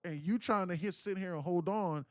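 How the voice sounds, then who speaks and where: A man live-streaming his day trading, telling a story in an animated, profane, rambling way with frequent restarts. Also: high-pitched, moderate pace, no room sound, clean studio sound.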